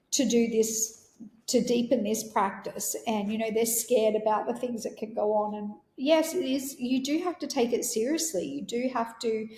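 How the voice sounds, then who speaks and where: Woman host, rather high voice, earnest rambling storyteller, roomy echo. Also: dark tone. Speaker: podcast host. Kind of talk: personal storytelling.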